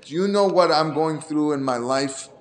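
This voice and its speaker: Brief: a man playing a drunk male villager, pleading, slurred, on the high side. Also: moderate pace, close to an everyday voice.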